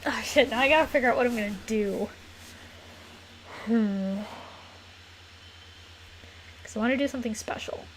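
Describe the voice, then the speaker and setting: A woman chatting casually on a live stream while she plays, rambling with lots of fillers and giggles, her throat a little rough. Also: fairly high pitch, normal speed, long pauses, slight background noise. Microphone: desk mic in a closed room.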